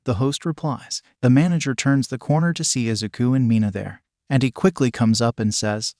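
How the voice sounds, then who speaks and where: A man narrating a fan fiction story in a steady audiobook read. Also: medium pitch, brisk, hardly any pauses, no room sound, clean studio sound.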